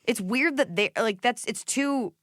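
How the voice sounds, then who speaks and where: A middle-aged woman hosting a podcast, giving blunt, jokey advice in a casual, animated way. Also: on the high side, a little slow, no echo. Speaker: podcast host.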